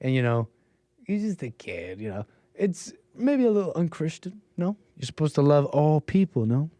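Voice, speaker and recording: A man's voice: fairly high pitch, big pitch swings, normal speed, dark tone, no echo. A slightly sick man hosting a call-in livestream, rambling and chuckling as he comments, recorded close to the mic. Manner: rambling, chuckling, self-interrupting. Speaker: livestream host. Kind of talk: casual call-in stream commentary.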